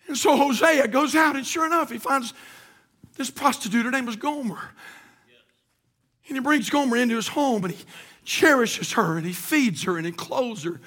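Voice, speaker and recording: A pastor preaching a fiery sermon in a church, swinging between shouted, singsong runs and quiet, low passages. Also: male voice, expressive, normal speed.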